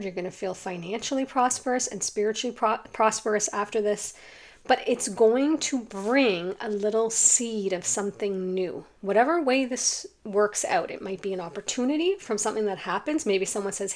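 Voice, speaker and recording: A young adult woman giving a casual, effusive tarot card reading to her viewers, full of "like"s and quick laughs. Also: mid-range voice, a little mellow. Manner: chatty and effusive, many "like"s, quick laughs, acts out imagined people.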